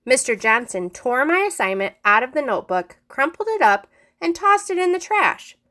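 An adult woman reading a children's chapter book aloud, narrating clearly and expressively. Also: sits high, big pitch swings, normal speed, bright, forceful tone. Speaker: storybook reader.

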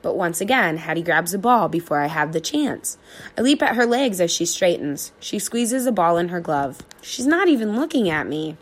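A woman narrating a children's storybook aloud in an expressive, animated way. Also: on the low side, moderate pace.

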